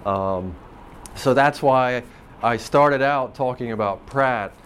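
A male linguistics professor lectures a class on how dialects differ, wandering and searching for words with frequent ums and false starts. He speaks slowly in a mid-range, fairly bright voice, over a faint hiss or hum.

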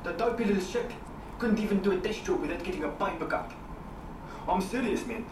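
A man's voice: sits high, fairly quick, natural voice. A man performing a run of different British dialects as a series of blustering, foul-mouthed characters, played back from a recording. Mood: griping. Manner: switches between many distinct British dialects; swears freely, blustering. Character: assorted British men, brash and profane. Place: clip played aloud in a classroom. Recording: roomy, distant, noisy playback in a classroom.

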